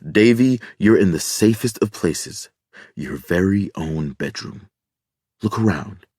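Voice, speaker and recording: Reassuring middle-aged doctor, read by a male narrator, slow, deep, a bit husky. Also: lively intonation, a little mellow, no room sound, studio quality, exaggerated voice. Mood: soothing. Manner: slow, soothing, reassuring baritone.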